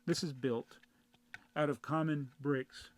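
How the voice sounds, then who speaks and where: A man's voice: a little high, steady tone, takes it slowly, heavy background noise. A man hosting a channel, answering viewer comments in a rambling, exasperated way that often breaks into laughs, speaking into a clip-on mic in a home studio. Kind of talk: casual chat. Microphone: clip-on mic inside a brick-built housing.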